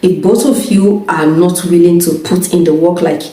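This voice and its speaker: A woman's voice: lowish voice, fairly even intonation, normal speed, dark tone. A young woman giving casual marriage advice. She checks in often with her listeners and laughs between points. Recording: echoey room, mic at a distance.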